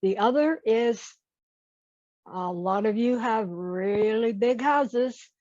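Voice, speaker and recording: Slow, blunt woman on a call. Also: on the high side, darkish tone, no echo, highs cut off. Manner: blunt, outspoken. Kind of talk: casual group call.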